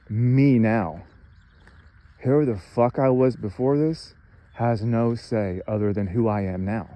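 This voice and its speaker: A man's voice: medium pitch, dark tone. A man delivering an impassioned monologue rant, angry and profane, firing off rhetorical questions.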